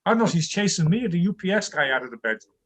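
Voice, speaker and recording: A man's voice: high voice, rapid-fire, rough recording. Older man telling stand-up jokes. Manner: deadpan one-liners with punchlines. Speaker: stand-up comedian. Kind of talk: stand-up comedy routine. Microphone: video call.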